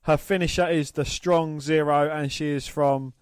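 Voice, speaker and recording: A man's voice: on the high side, steady tone, moderate pace, clear, resonant tone, no echo. Crude, jokey man on a wrestling podcast. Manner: crude, jokey, swears freely. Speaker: podcast co-host. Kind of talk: casual wrestling watch-along commentary.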